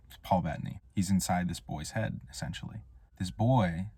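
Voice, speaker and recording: Casting: male reviewer, low-ish voice, wry deadpan rambler, dry booth sound. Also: normal speed, breathy edge, dry recording. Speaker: film reviewer. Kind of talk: casual monologue review. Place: Portland area.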